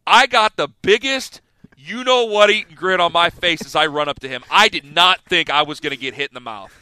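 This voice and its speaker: A man in his thirties hosting sports radio, telling a story in a casual, animated way and acting out the scenes. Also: sits high, clear, resonant tone, no echo. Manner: animated, laughing storyteller who acts out scenes.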